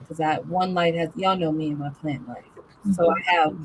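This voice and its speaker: A woman hosting a casual chat, telling stories animatedly with loud, cursing rants. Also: low voice, normal speed, slight background noise, poor audio. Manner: animated storyteller, curses herself out in loud acted rants. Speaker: host.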